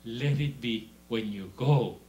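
A man preaching a sermon in an animated way, swinging from soft, low asides to loud, high-pitched exclamations and laughing as he tells stories. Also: slow pace, roomy sound, a little hiss or hum.

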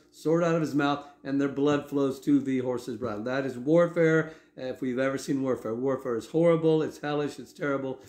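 Male pastor, mid-pitched, talky sermon style with frequent check-ins, roomy echo. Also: darkish tone. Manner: conversational preaching with frequent "okay?" asides.

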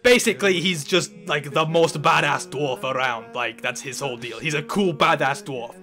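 An eager guest rambles through a casual discussion, his bright voice pitched slightly high for a man. He talks with rambling enthusiasm and leans on "like" between phrases. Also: normal speed, faint music behind.

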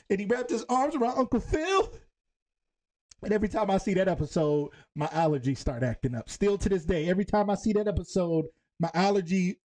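Animated high-voiced game night host. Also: male voice. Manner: animated, chatty, giving shout-outs to viewers. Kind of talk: live-stream game hosting and chat.

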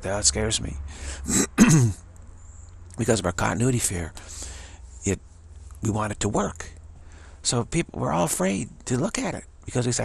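A man's voice: mid-range voice, expressive, moderate pace, creaky, long pauses, slightly rough. A man giving a casual spiritual teaching talk, musing and earnest, repeating phrases for emphasis.

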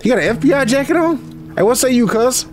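A young man commentates his game playthrough in a lively, animated voice that jumps high when he panics. He swears freely and talks straight to his viewers. Loud game music plays behind him. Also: brisk. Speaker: gaming YouTuber. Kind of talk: casual let's play commentary. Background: game music and sound effects.

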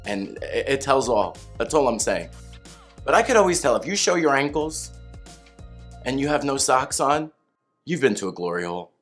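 A man's voice: mid-range voice, big pitch swings, normal speed, a bit bright, faint music behind. A man giving casual comedic commentary to camera, telling anecdotes that build to punchlines. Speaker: cast member.

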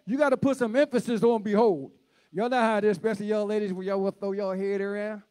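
A man preaching a guest sermon in high-energy call-and-response style. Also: quick pace, mellow.

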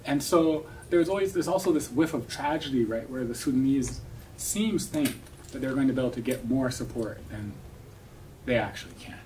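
A man giving an academic seminar talk, explaining in a thoughtful way with many pauses and tag questions. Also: medium pitch, darkish tone. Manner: thoughtful, explanatory, frequent "um" and "right?". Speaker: academic speaker. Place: seminar room. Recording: distant mic with faint noise.

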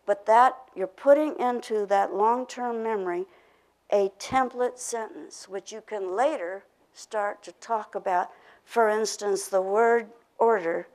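A woman's voice: medium pitch, unhurried, a little mellow, poor audio. An older woman presenting a pronunciation workshop, explaining ideas and leading the group in spoken drills. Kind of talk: teaching a workshop. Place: workshop room.

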